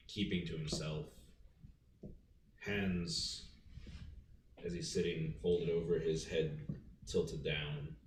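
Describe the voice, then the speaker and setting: Very deep-voiced, slow male player. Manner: hesitant, thoughtful. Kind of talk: describing his character in a tabletop game. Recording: roomy, distant mic, faint noise.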